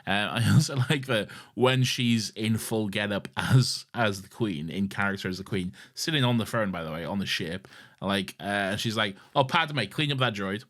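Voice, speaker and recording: Man, casual podcast co-host, lowish voice, jokey, laughs easily. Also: moderate pace. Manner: relaxed, joking, laughs often. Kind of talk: casual film chat.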